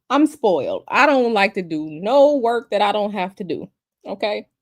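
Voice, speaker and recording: A woman's voice: mid-range voice, big pitch swings, unhurried, no echo. A woman hosting a casual livestream, chatty and sassy, calling her viewers y'all and baby. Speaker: livestream host.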